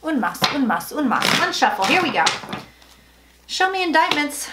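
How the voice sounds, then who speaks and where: A woman's voice: high-pitched, sing-song, normal speed, pauses often, reverberant, background noise. A woman doing a casual livestream tarot reading, brash, profane and joking as she talks. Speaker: psychic tarot reader.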